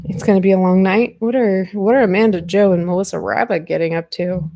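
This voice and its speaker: A woman's voice: medium pitch, steady tone, fairly quick, warm tone, no echo, studio quality. A woman in her thirties hosting a casual live-stream podcast from home, chatty and self-deprecating with lots of fillers. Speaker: podcast host. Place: home room at a computer.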